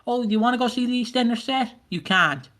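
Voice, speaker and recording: A man's voice: very high-pitched, fairly quick, pushed and bright. A man co-hosting a podcast, ranting in casual chat with plenty of swearing and mocking put-on voices. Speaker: podcast co-host.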